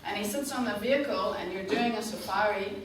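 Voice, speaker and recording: Recorded from a distance in a reverberant university classroom with faint noise, this is a woman's guest lecture to students. She directs a tour operator and speaks in a mid-range voice, teaching at a slow, clear pace and checking in with a frequent "okay?".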